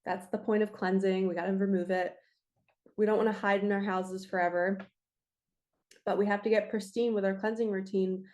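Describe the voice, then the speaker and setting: Woman, raspy throat, passionate spiritual reader, emphatic and urging, mid pitch. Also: level tone, normal speed, a little mellow. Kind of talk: earnest spiritual talk to viewers.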